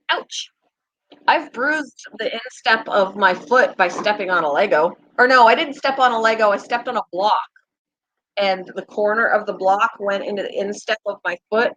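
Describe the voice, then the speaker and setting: A woman's voice: medium pitch, a bit bright, no room sound, muffled recording. A middle-aged woman hosting her own channel, chatting casually with viewers, self-mocking and laughing often. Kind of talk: casual chat.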